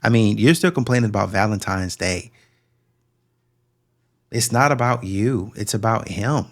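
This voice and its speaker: A man's voice: fairly low pitch, a little slow. A man hosting a reaction video, giving sarcastic and scolding commentary on a played clip.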